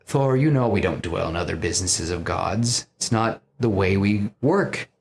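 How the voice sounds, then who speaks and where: A haughty older king of the gods brushes off a plea in a lofty, dismissive tone, played by a man. His delivery sits a little lower than normal speech, with a faint hiss in the background. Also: lively intonation, normal speed, vocal fry.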